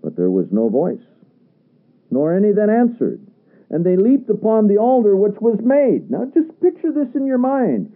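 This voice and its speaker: Lively-pitched preacher man on tinny radio. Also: normal speed. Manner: emphatic, rhetorical questions. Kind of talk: sermon with scripture reading. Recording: tinny radio broadcast sound.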